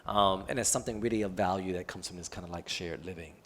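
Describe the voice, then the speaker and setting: This panelist at an arts event talks fast in a low voice, casual and loose, with frequent fillers like "um" and "kinda." A little hiss or hum sits on the recording of the public talk.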